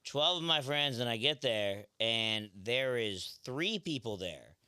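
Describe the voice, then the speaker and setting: Bright-voiced Southern man telling stories. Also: medium pitch, slow, smooth, no room sound, studio quality. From Memphis, US South. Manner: rambling, animated storyteller. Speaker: podcast co-host. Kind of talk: casual chat, storytelling.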